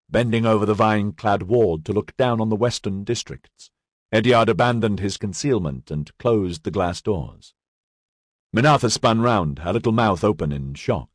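A man narrating an audiobook in an expressive storytelling manner. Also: lowish voice, dry recording, clean studio sound.

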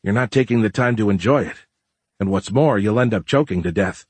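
A calm, wry man, as the narrator plays him speaks in a low, husky voice. His tone stays dry and measured in a close, dead-sounding audiobook recording. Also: no room sound.

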